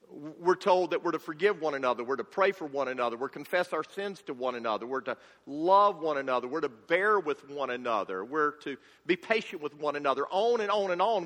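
High, bright-voiced man preaching. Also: in a large hall. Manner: enthusiastic, folksy humor. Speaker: pastor. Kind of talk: sermon.

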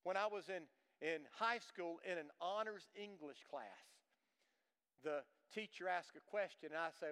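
An older man preaches in a high voice, emphatic and folksy, leaning on homespun stories. His sermon rings out with the long reverb of a large church hall. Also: unhurried, pushed and bright, smooth. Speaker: pastor. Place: church sanctuary.

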